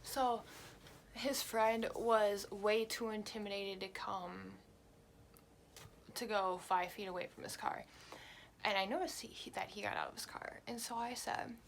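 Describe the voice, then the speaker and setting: Gravelly young woman telling a story. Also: mid-range voice, a little slow, slight background noise. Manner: animated storytelling, blunt, swears a lot. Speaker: vlogger. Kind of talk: storytime vlog.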